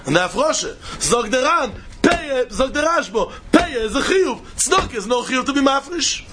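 A man's voice: very high voice, big pitch swings, moderate pace, noisy background. A man giving a Talmud study lecture, asking questions and repeating key points to press them. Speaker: Talmud teacher.

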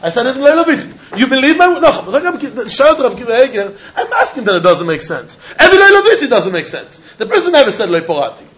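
Male Talmud teacher, high-pitched and animated, debates both sides with laughs; muffled lo-fi audio. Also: quick pace, few pauses. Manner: animated, argues back and forth, laughs often. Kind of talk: Talmud lesson, lively explanation. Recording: dull lo-fi recording.

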